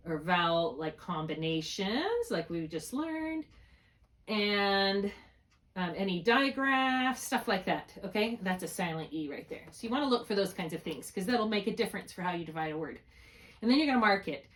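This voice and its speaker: A woman's voice: medium pitch, expressive, moderate pace, a bit bright. Woman tutor on a video call, patient and methodical, mid-range voice, slightly distant from the laptop mic. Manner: patient, explains step by step with check-in questions. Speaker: reading tutor. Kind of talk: one-on-one spelling lesson. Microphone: laptop mic, held while writing.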